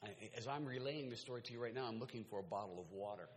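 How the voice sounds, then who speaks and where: A man's voice: mid-range voice, rapid-fire, slight background noise. A man preaching a sermon as a pastor, telling stories in a conversational way with asides to the audience. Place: large hall. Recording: echoey hall, faint ambience.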